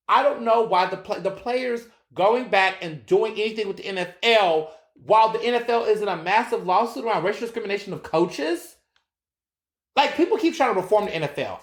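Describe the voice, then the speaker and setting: Animated man hosting a podcast, roomy sound. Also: high-pitched. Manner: animated, profane, acts out quoted voices. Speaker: podcast host. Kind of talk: casual solo commentary. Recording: roomy echo.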